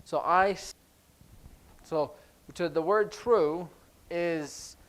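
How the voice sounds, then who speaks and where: A man's voice: fairly high pitch, extremely slow, a bit bright, poor audio. A man teaching a sign language class at church, chatty and rambling with jokey asides.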